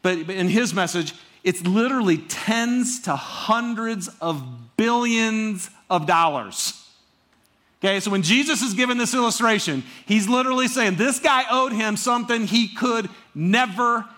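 Man, pastor, sermon, high voice, conversational, emphatic, chatty asides. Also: animated, moderate pace, pushed and bright.

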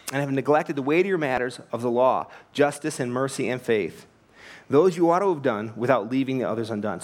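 A man preaching a sermon, earnest and emphatic, asking rhetorical questions and telling anecdotes. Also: medium pitch. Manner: tells anecdotes with light laughs. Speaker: pastor.

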